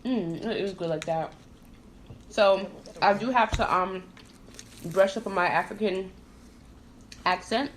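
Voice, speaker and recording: A woman's voice: mid-range voice, takes it slowly, long pauses, a little hiss or hum. A woman who grew up in Trinidad, hosting a casual podcast while eating and chatting, laughing easily and talking with her mouth full. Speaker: podcast host.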